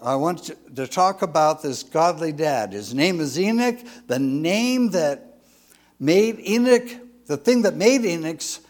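Slow, lively older male preacher. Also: fairly high pitch. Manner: chatty, rambling, with restarts and asides. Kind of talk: folksy sermon with jokes.

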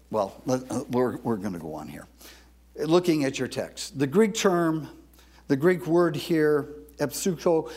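A male pastor delivering a sermon in a fairly high voice with a very lively, swooping pitch. He rises to booming emphasis for quoted lines, then drops back to a halting, filler-heavy chat with his congregation. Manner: animated, booming when quoting scripture, halting with many fillers.

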